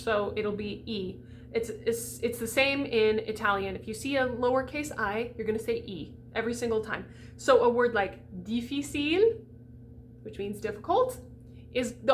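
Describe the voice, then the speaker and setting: Teaching singers how to pronounce words, this American voice coach speaks in a talkative, emphatic way and models the sounds herself. Her voice leans high, with a bit of background noise.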